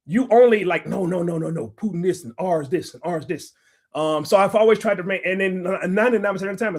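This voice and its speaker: A middle-aged man hosts a livestream and lectures his viewers in a combative, profane tone. His voice sits fairly high for a man. He argues hard and curses freely. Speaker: livestream host. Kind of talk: ranting livestream commentary.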